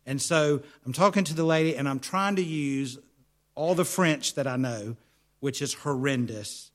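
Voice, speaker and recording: A man's voice: medium pitch, moderate pace. Male American pastor, sermon delivery, question-and-answer storytelling. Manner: storytelling, asks and answers his own questions.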